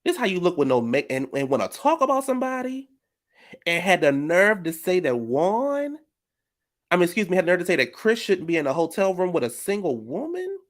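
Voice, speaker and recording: A man's voice: sits high, very animated, brisk. A man giving a sassy reality TV reunion recap, flamboyant, shady and theatrical. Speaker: reality TV commentator.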